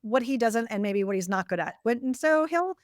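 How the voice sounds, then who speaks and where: A woman's voice: on the high side, expressive, fairly quick, dry recording, studio quality. A woman hosting a podcast, chatting casually and laughing easily with her guest. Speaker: podcast host. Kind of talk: casual interview chat.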